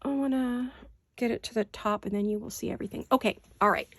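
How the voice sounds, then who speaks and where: A woman's voice: a little high, quick pace, a bit bright, no room sound. A woman hosting a crafting video in her home studio, chatting casually and gushing over each page with repeated words of praise. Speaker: crafting channel host. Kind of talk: casual show-and-tell chat.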